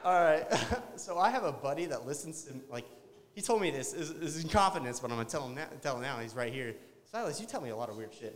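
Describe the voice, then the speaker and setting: Tipsy man doing crude stand-up. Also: a little high. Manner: crude, self-deprecating, rambling with frequent crowd laughter. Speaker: stand-up comedian. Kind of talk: open-mic stand-up set. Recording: long hall reverb.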